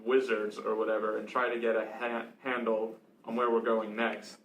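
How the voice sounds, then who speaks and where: A man voicing a gruff, crude male adventurer who mutters low. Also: flat delivery, normal speed, a bit bright, natural voice. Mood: sarcastic. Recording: echoey room with noise.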